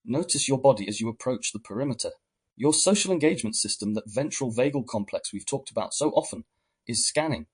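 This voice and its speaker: A man giving calm scripted guided narration, speaking to the listener in the second person. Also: medium pitch, a little fast, slightly rough.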